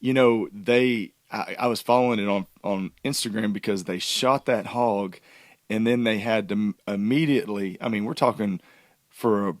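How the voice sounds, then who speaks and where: Hoarse low-voiced man. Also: moderate pace, no echo. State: hoarse from a sinus cold. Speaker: podcast co-host. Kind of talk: casual chat.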